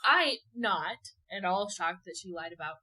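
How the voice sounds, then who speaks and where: A woman's voice: on the low side, expressive, measured pace, bright, forceful tone, poor audio. Blunt, laughing woman podcast co-host. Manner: chatty, laughs often, blunt swearing. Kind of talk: casual chat.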